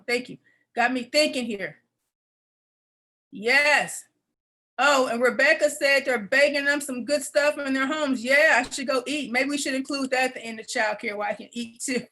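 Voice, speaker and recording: A woman presenting an adult education program on a video call, teary and warm as she repeats phrases and laughs. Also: sits high, moderate pace, rough recording. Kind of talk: webinar presentation.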